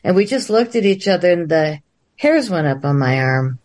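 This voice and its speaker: A woman's voice: fairly low pitch, lively intonation, normal speed, darkish tone. A woman filmmaker telling a long story on a livestream, acting out the dialogue in different voices. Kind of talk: animated storytelling. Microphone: livestream video call.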